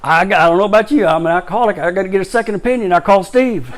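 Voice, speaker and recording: A man giving a personal share at a recovery meeting, halting and repeating words, emotional, with self-deprecating humor. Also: high-pitched, a little hiss or hum. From Louisiana, raised in Texas. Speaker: recovery speaker.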